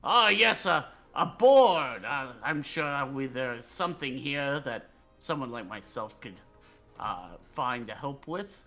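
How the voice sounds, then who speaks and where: A man voicing a jovial, boastful dragonborn warrior with a hearty, gruff manner in a tabletop game. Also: mid-range voice, expressive, slow, bright, forceful tone, soft background music, full character voice. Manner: hearty, gruff, self-praising.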